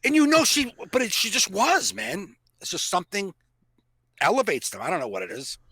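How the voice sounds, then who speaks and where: Man co-host, wisecracking, high bright voice, very expressive pitch, dry close sound. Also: slightly rough, dry recording. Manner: wisecracking, quick joking interjections. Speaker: podcast co-host. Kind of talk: casual conversation.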